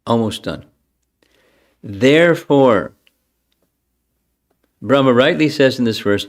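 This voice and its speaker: A man's voice: medium pitch, animated, takes it slowly, pauses often. An older man giving a scripture lecture, chanting verses and then explaining them in a conversational way. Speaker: spiritual teacher giving a scripture class.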